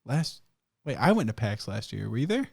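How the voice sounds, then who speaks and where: A man hosting a podcast, telling stories in casual chat, animated, swearing and laughing often. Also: medium pitch, normal speed, creaky, slightly rough, dry recording, studio quality. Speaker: podcast host.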